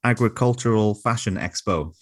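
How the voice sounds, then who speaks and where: Dry low-voiced mock news anchor. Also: male voice, normal speed. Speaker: podcast co-host.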